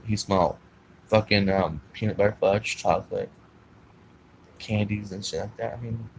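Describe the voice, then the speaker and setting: A man with a lowish voice tells a long personal story, swearing often and circling back with fillers and restarts. A faint hum of noise sits under him. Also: normal speed, low-quality recording. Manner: profane, rambling, many fillers and restarts. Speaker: vlogger telling his life story.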